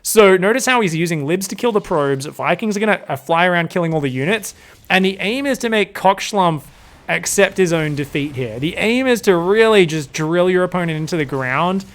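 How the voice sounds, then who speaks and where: A young man with a slightly high voice casts a strategy game with bouncy excitement. He laughs often and jokes around, putting on silly voices for the players. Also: brisk. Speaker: game caster. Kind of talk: excitable esports commentary.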